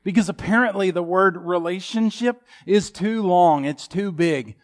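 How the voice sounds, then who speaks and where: A man's voice: high-pitched, a little slow. A man in his fifties preaching a sermon in a folksy, humorous storytelling manner. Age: 50s. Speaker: pastor.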